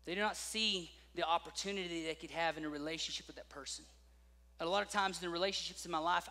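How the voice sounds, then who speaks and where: A man preaching a sermon as pastor, telling stories with lively acted-out voices. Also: on the high side, fast talker, in a large hall. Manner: animated storytelling with acted-out voices.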